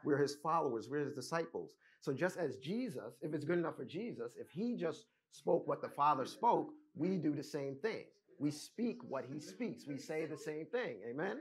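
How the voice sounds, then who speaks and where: A man's voice: a little high, lively intonation, moderate pace, few pauses. Man preaching a teaching sermon. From United States. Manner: teaching with frequent "right?" and "amen?" check-ins. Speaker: pastor.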